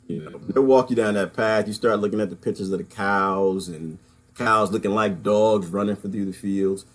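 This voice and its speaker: Rambling man chatting to viewers. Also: medium pitch. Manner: rambling, conversational, addresses viewers as y'all; chuckles between points, trails off and restarts. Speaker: political commentary vlogger. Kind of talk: casual livestream commentary.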